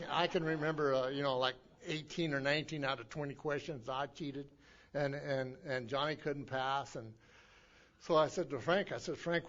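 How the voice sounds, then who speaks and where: A man's voice: medium pitch, fairly bright tone. A middle-aged man from Montana tells his own recovery story at a meeting, in a folksy storytelling way full of restarts and stammered repeats. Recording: dull lo-fi tape recording.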